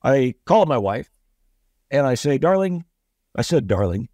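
A man's voice: mid-range voice, sing-song, a little slow, long pauses, mellow, dry recording, studio quality. A man telling a story as a guest on a podcast interview, acting out the voices of the people in it. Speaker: guest, author and coach.

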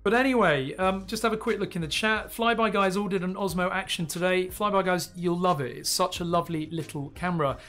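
Man, live stream host, chatty, reads the chat aloud, voice a bit high and getting hoarse. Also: brisk, few pauses, fairly bright tone, faint music behind. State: voice going hoarse, clearing throat.

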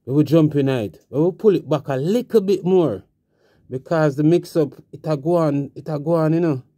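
A man's voice: fairly high pitch, moderate pace, mellow, no echo, studio quality. A man hosting a commentary vlog, remarking on a clip in a laid-back way and repeating his channel name. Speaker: channel host.

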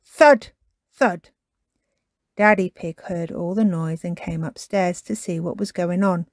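A woman storyteller reading a children's storybook aloud with an expressive delivery. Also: on the low side, no echo. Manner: slow and expressive.

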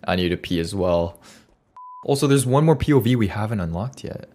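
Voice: low voice, expressive, fairly quick, dark tone. A streamer giving live commentary over a horror game, reactive and prone to shrieking. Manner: reactive, swings from mumbling to shrieking.

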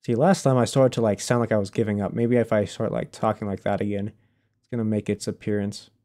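A man's voice: lowish voice, fairly even intonation, fast talker, mellow. A man streaming a game live, chatting casually, laughing often and answering his chat as he plays.

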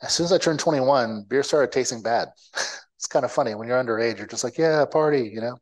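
Male guest lecturer, 30s, comic anecdote delivery, does quick voices for the people he quotes, laughs at himself. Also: medium pitch, low-quality recording. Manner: animated, acts out the people in his stories; self-mocking, laughs at his own story. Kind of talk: storytelling lecture.

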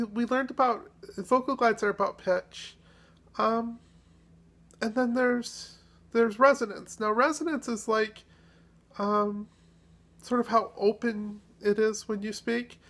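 A woman chatting casually in a vlog, relaxed and self-deprecating, pausing often as she thinks. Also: on the high side. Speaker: video blogger.

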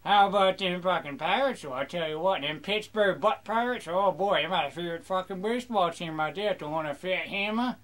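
A man's voice: high-pitched, brisk, hardly any pauses, a bit bright. A young man rambling crudely through casual gameplay commentary, joking in a mock pirate voice. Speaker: gamer.

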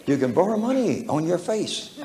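A high-pitched, very animated older man preaches at normal speed in a church hall. His sermon includes a personal story told in a folksy, chuckling way, with the voices acted out. The hall is echoey, and faint noise sits in the background.

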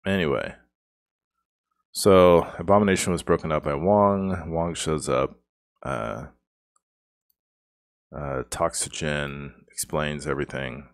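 Male reviewer, 30s, very deep voice; casual, rambling, exasperated delivery with frequent laughs. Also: steady tone, moderate pace. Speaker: show reviewer.

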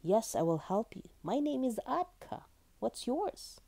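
A woman voicing a huge, grumpy, lonely male whale who talks loudly and bluntly. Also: a little high, big pitch swings, measured pace, voice pushed up, heavily acted. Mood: friendly. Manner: loud, gruff, blunt.

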